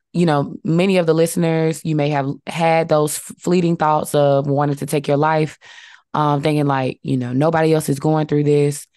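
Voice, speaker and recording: A woman with a deep, low voice co-hosts a casual faith podcast. She speaks earnestly and reflectively, with lots of "like" and "you know." The recording is dry and close, with no room sound. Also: a little mellow, no room sound. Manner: earnest, reflective, many fillers. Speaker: podcast co-host.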